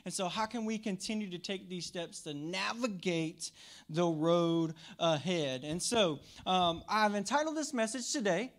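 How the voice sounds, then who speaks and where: In a church sanctuary, a pastor with a high-pitched, unhurried voice preaches a sermon. He has a slight country twang and stays upbeat and chatty, addressing both the room and viewers online.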